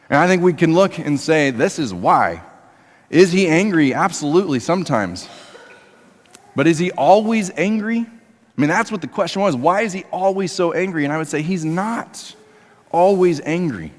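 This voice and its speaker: A man's voice: lively intonation, normal speed. Man preaching in an echoing church. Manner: conversational preaching, swinging between emphatic highs and quiet lows. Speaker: pastor. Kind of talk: sermon. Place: church sanctuary. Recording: long reverb of a church hall.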